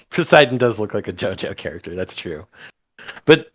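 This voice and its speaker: A man's voice: lowish voice, big pitch swings, moderate pace, a bit bright. A man in a casual podcast chat, recounting anime scenes at length with fillers and restarts.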